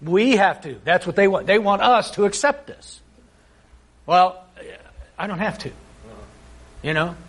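A man's voice: high voice, animated, a little slow, pauses often, a bit bright. A middle-aged man co-hosting a Christian talk show, speaking emphatically about faith and raising children. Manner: preachy, emphatic, voices his kids in quotes. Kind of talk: faith-based conversation.

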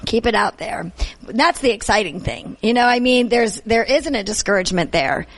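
A woman's voice: on the high side, expressive, normal speed. Earnest middle-aged woman encouraging mothers. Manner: earnest, repeats phrases for emphasis, laughs easily. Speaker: Christian talk show co-host. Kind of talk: encouraging faith-based talk.

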